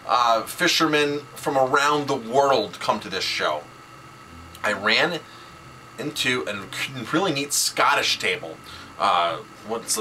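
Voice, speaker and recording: A man's voice: medium pitch, pushed and bright, a little hiss or hum, rough recording. A man, a chef, talking casually on his video blog, emphatic and repeating words for stress. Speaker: chef and food advocate.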